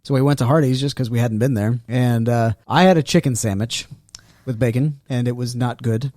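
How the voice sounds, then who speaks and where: A man's voice: mid-range voice, fairly quick, a little mellow, no echo. Podcast co-host, man, wry and opinionated, dry close recording. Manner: joking, opinionated, trails off mid-sentence. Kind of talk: casual chat.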